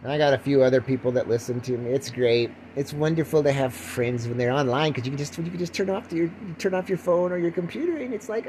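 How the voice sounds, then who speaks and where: A man's voice: on the high side, fairly even intonation, fast, few pauses, darkish tone, a little hiss or hum. An older man hosting his own podcast in a goofy, rambling comic monologue, laughing often and dropping into silly voices. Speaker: podcast host.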